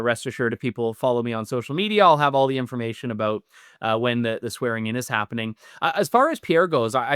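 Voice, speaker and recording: Earnest man with a smooth voice. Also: medium pitch, fairly bright tone, no echo, studio quality. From Canada. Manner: earnest, with many restarts and fillers. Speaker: political guest, newly elected MP. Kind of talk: interview answers.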